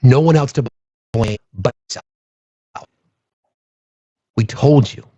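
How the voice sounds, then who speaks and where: A man's voice: mid-range voice, slow pace, dark tone, slightly rough, no room sound. A man hosting a political call-in show, talking in an impassioned, profane, ranting way. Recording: dull, lo-fi, dry.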